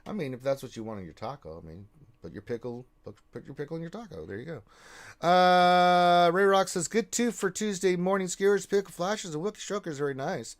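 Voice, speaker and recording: A man hosts a casual gaming livestream, reading chat and calling out viewers' names. His fairly high voice swoops up and down with a lot of energy. He jumps to loud shout-outs between relaxed chatter. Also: a little fast.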